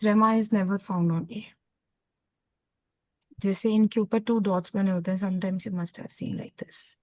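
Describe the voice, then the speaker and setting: A woman's voice: medium pitch, fairly even intonation, fast, a little mellow, no echo. A woman teaching a French lesson, explaining step by step and mixing Hindi with English. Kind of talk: online class lesson. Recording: dull, dry, lo-fi audio.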